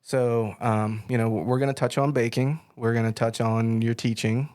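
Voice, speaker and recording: A man's voice: medium pitch, flat delivery, moderate pace, darkish tone. A middle-aged man hosting an interview, chatting casually and telling stories with lots of fillers and restarts. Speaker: podcast host.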